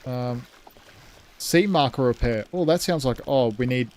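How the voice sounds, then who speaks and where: A man's voice: mid-range voice, unhurried, a little mellow. Rambling man streaming a game. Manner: rambling, thinks aloud, reads and thanks chat. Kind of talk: casual live-stream chat.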